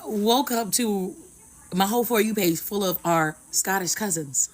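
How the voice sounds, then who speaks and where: A woman chatting casually to camera, excited and playful, her voice hoarse after a party. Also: mid-range voice, measured pace.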